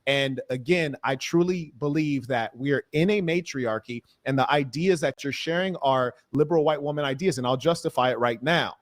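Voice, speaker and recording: A man arguing forcefully in a livestream debate, mocking the views he opposes. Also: mid-range voice, normal speed, few pauses. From California-educated; black American. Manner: combative, mocking imitations.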